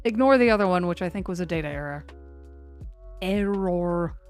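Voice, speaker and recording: A woman's voice: fairly low pitch, animated, rapid-fire, faint music behind. A woman hosting a severe-weather livestream, chatting casually and rambling, self-deprecating as she answers the chat. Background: faint looping song.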